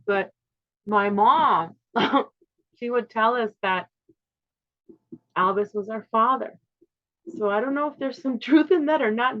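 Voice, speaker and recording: A woman in her fifties hosts her own channel in a casual monologue, speaking in a slightly high voice with no room sound. She rambles in a conspiratorial way, full of filler words, and the home recording is dry and slightly dull.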